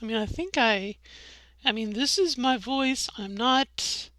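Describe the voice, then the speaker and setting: Casting note: middle-aged woman, casual video diary, slightly high voice, unhurried, dry close sound. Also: a bit bright, no echo. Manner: rambling, self-correcting, demonstrating her own voice. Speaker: vlogger.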